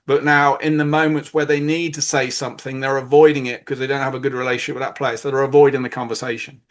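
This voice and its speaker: A man's voice: medium pitch, little pitch movement, fast talker. A British man co-hosting a podcast, explaining coaching ideas in casual talk and acting out quotes from players and coaches.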